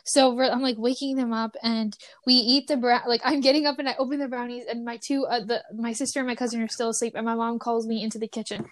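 A young woman hosts a casual podcast chat, telling a story from her childhood. Her voice sits high and she talks in an animated way, full of fillers, laughing as she goes. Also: quick pace, few pauses. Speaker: podcast host.

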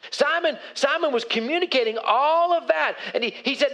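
A man's voice: very high voice, moderate pace, hardly any pauses, fairly bright tone, highs cut off. A male pastor preaching a sermon in a conversational way, putting questions to his congregation.

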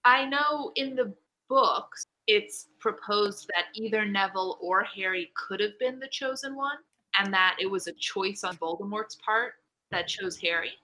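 A woman chatting excitedly in a casual book club conversation, rambling with lots of fillers. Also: medium pitch, a little slow. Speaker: book club podcast member. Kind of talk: casual chat.

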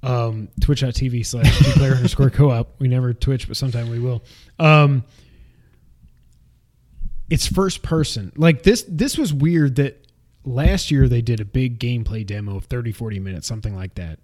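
A man's voice: mid-range voice, moderate pace, a little mellow. A man co-hosting a casual gaming podcast, joking and rambling as he talks. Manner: jokey, rambling, laughs at himself. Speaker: podcast co-host.

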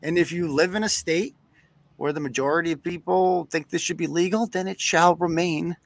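A man's voice: on the high side, fairly even intonation, moderate pace, gravelly, no echo. A man hosting a live podcast, ranting sarcastically and cursing freely. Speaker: host.

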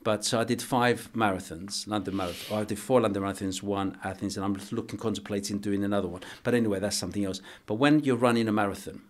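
Middle-aged guy telling a story on a podcast, low voice, earnest, keeps restarting his sentences. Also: steady tone. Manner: earnest, halting, with many restarts and soft pauses. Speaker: archbishop and boxing coach, guest. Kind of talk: emotional storytelling in a podcast interview.

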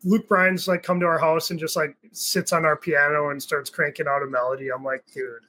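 A man's voice: a little high, flat delivery, fairly quick, bright, forceful tone, a little hiss or hum, poor audio. Laid-back young man, casual guest chatter. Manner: laid-back, rambling with fillers and swearing. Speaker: podcast guest. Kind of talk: casual chat.

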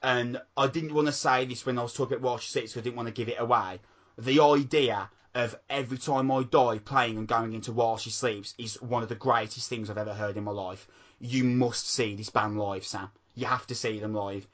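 A man co-hosting a podcast, chatting excitedly and swearing constantly. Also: mid-range voice, fairly quick. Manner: excitable, swears a lot, calls people mate. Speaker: podcast co-host. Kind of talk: casual chat.

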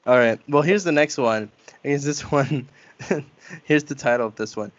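A man's voice: medium pitch, normal speed, no room sound, muffled recording. A young man hosting a casual podcast, who keeps cracking up with laughter while trying to read a story aloud. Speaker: podcast host.

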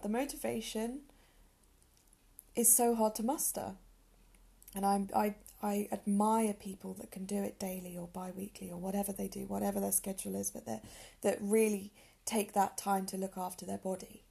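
Young woman, podcast host, casual and candid, with a husky voice. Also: medium pitch, fairly even intonation, moderate pace, warm tone. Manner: earnest, chatty, self-deprecating with frequent ums and laughs. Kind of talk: casual solo podcast talk.

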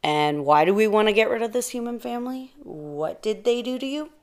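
A woman's voice: mid-range voice, lively intonation, brisk, voice pushed up, natural voice. Woman doing a drowsy grumpy bear. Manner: drowsy, skeptical. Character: sleepy, grumpy male black bear.

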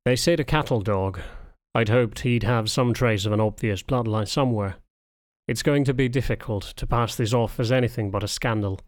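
A man's voice: mid-range voice, no echo, clean studio sound, lightly acted. A man voicing an aloof old male spaniel lord who speaks curtly and dismissively, in an audiobook reading. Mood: cold, dismissive. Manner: curt, dismissive, unhurried.

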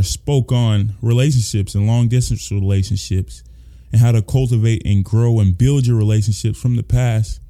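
A man's voice: medium pitch, warm tone. A man hosting a podcast in casual chat, hyped and playful, talking with a lot of energy. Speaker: podcast host.

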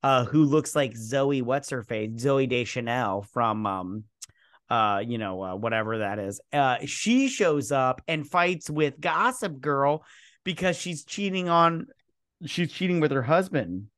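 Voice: mid-range voice, unhurried, a bit bright, no room sound, studio quality. A podcast co-host recapping a movie in casual chat, rambling with many fillers and jokes.

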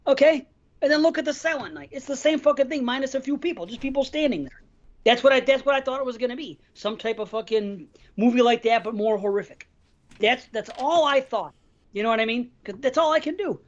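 A man's voice: very high voice, a little fast, muffled recording. A man co-hosting a podcast, rambling in casual, heavily profane chat. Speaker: podcast co-host.

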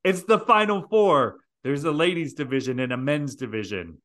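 A man riffs through a casual podcast chat, joking and hammering his points home by repeating them. His voice sits a bit high and swoops all over the place. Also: normal speed. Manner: animated, joking, emphatic repetition. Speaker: podcast co-host.

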